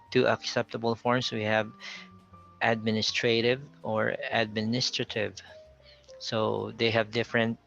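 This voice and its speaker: A man with a Filipino accent teaching a pronunciation lesson, slowly repeating words to contrast how they sound, with faint music behind him on a lo-fi recording. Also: fairly low pitch, gravelly, fairly bright tone. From Philippines.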